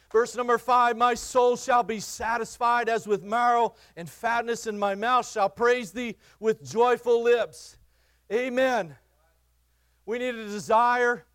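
Male pastor, high clear voice, dry close sound; fervent church sermon with big swings in volume. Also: no echo. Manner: impassioned, repetitive preaching that swings from shouts to soft asides.

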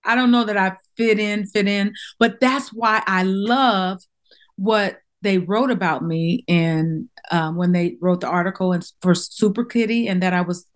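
A woman's voice: medium pitch, a little slow. A middle-aged woman, a professional singer, talking as a guest in a casual interview, speaking in a heartfelt and openly emotional way.

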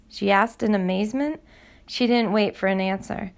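A woman narrating a novel chapter in a steady, measured storytelling voice. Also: mid-range voice, creaky. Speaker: audiobook narrator. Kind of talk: scripted narration.

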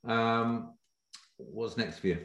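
A man hosting a podcast interview, asking halting questions with brief affirmations. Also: fairly low pitch, fairly bright tone, roomy sound. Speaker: podcast host. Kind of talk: casual interview.

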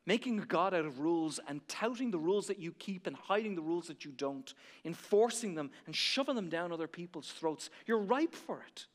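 Male pastor, high voice, impassioned sermon delivery, long church-hall reverb. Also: lively intonation, brisk, hardly any pauses. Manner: impassioned, rising to near shouting, then dropping soft.

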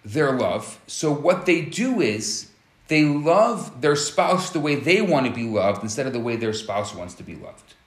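A man's voice: medium pitch, big pitch swings, a little slow, reverberant. A man giving a relationship teaching talk who explains step by step and acts out scenarios.

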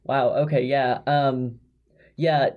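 A woman with a husky voice playing a tabletop role-playing game. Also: extremely low pitch, steady tone, slow, phone-quality sound. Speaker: player.

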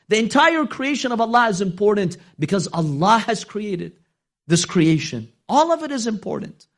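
A man preaching a sermon, telling a story with dramatic swings of pitch and loudness, sometimes slowing into a chanted, half-sung delivery. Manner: storytelling, voicing quoted figures, dramatic rises in pitch.

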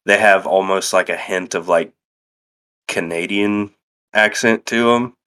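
A man's voice: low-pitched, a little slow, sharp tone, clean tone. A young man from central Indiana, telling stories in casual chat, swearing freely and laughing often. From central Indiana, USA.

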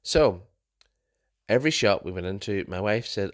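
A young man hosts his own podcast solo, his voice sitting a little low. He chats casually and rambles through stories, often restarting and correcting himself mid-sentence. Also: animated, moderate pace, pauses often. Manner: chatty storyteller, frequent restarts and self-corrections. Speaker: podcast host.

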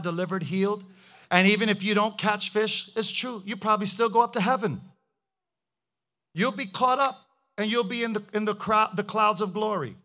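Brief: high-pitched male pastor, fiery preaching, lots of rhetorical questions. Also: sharp tone. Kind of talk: sermon.

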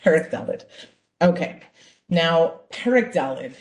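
A woman teaching an online Bible class, talking in a lively way and checking in with "right?" over and over. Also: deep voice, unhurried. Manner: lively, asks "right?" often. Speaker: Torah teacher. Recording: echoey room.

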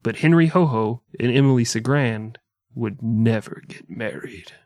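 Man, podcast co-host, jokey, laughs a lot, medium pitch, dry close mic. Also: measured pace, a little mellow, no room sound. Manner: jokey, laughs often, breaks into mock singing. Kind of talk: casual comedic history podcast.

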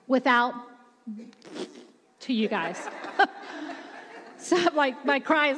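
A woman's voice: high-pitched, expressive, fairly bright tone. A woman preaching a sermon with passion, shifting her voice to act out the quotes she tells. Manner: impassioned, quick-shifting, voices God and the Pharisees in quotes. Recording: echoey hall reverb.

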